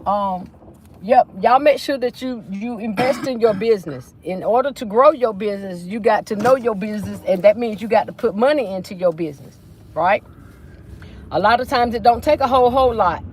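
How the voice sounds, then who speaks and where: Broadcasting from her car, a chatty livestream host reads her viewers' comments aloud in an easygoing, folksy manner. Her voice is a little high and slightly dark in tone, her pace a little fast, and there's a faint hiss or hum in the background.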